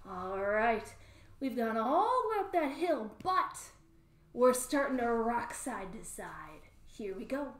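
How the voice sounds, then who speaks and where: A woman's voice: on the high side, very animated, takes it slowly, echoey room. Sing-song woman leading a baby storytime. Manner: cheerful, sing-song, singing rhymes. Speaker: children's librarian. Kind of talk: storytime lesson with songs and rhymes. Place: at home.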